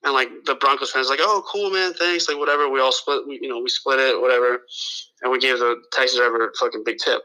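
This is a fast-talking man from the Los Angeles area, a guest spinning a long, meandering story in casual conversation that sounds like talk radio. His voice sits at medium pitch, very bright and sharp, yet the delivery is flat, and the audio is poor. He swears a lot, restarts sentences and performs the quoted dialogue of the people involved.

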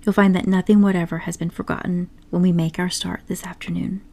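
A woman voicing a boastful, excitable male toad in an audiobook story, talking grandly and pushily. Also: on the low side, a little fast, natural voice. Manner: grandly enthusiastic, pushy.

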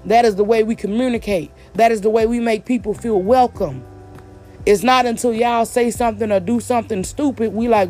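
A woman from the American South speaks straight to her viewers in an emphatic, exasperated vlog rant. She slows her speech down on purpose and puts weight on each word so it lands clearly. Faint music sits under her voice. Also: on the high side, darkish tone. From Southern United States. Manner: deliberately slow, clear delivery. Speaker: vlogger. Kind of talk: direct-to-camera commentary rant.

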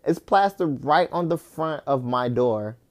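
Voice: mid-range voice, animated, a little slow. Exasperated young podcast host ranting. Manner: exasperated, swears often, heavy filler "like"; rising to loud incredulous outbursts. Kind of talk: casual solo rant.

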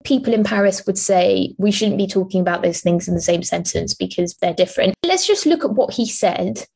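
A woman's voice: medium pitch, expressive, gravelly, a little mellow, slightly rough. Woman analyst explaining policy. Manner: explanatory, measured, frequent restarts. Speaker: think-tank analyst, guest. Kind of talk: interview answers.

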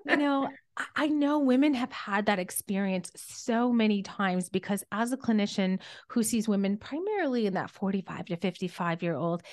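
A woman's voice: mid-range voice, lively intonation, moderate pace, darkish tone. A woman clinician hosting a podcast, chatty and encouraging toward her guest. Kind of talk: casual podcast interview.

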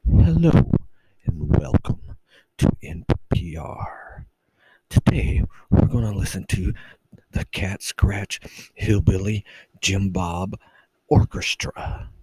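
A man doing a breathy hypnotic radio host. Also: deep voice, sing-song, dark tone, no echo, heavily acted, rough recording. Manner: slow, breathy, whispery drawl. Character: soft-spoken male public radio host, hypnotic. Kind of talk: parody skit.

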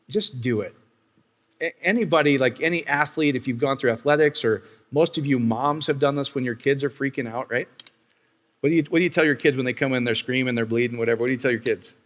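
A man's voice: mid-range voice, a bit bright. A man giving a casual teaching sermon and leading a guided prayer, talking conversationally and often checking in with his listeners. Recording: long-reverb hall, dull lo-fi sound.

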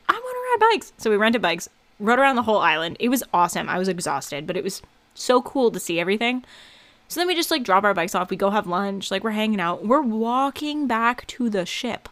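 A woman's voice: medium pitch, a bit bright. A woman co-hosting a casual chat who laughs often and acts out voices in her stories. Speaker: podcast co-host.

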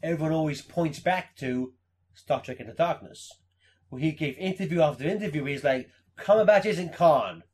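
A man co-hosting a podcast in casual chat, animated and swearing, laughing as he acts out quotes. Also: a little high, normal speed. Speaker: podcast co-host.

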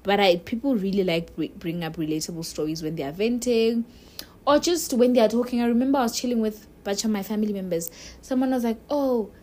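A young woman talking candidly to camera in a relaxed vlog. Her pitch sits in a middle range, neither high nor low. She speaks directly to her listeners as she tells a personal story. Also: quick pace. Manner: chatty, candid, addresses viewer directly. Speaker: vlogger.

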